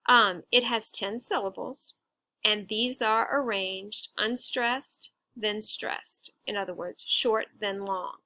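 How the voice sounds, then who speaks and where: Slow, bright-voiced woman teacher. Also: medium pitch, steady tone, dry recording. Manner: patient, step-by-step explaining with casual fillers. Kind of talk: instructional explanation.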